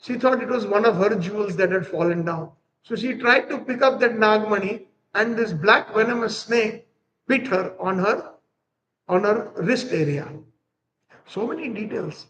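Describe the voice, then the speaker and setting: A man's voice: sits high, fairly bright tone, slight background noise, rough recording. A man giving a devotional lecture, animatedly telling a story and acting out its characters. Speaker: spiritual teacher.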